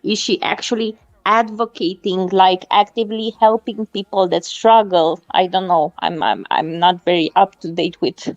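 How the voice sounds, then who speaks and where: A woman guest on a livestream, giving her opinions in a measured, hedging way with many fillers. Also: medium pitch, dull audio. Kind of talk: casual opinionated chat.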